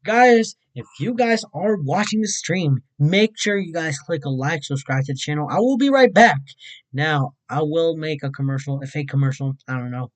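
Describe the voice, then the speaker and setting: Livestream host, male, from Mexico, a bit high-pitched, chatty and excitable, circles back and repeats himself. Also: moderate pace, hardly any pauses, rough recording. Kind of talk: casual livestream commentary.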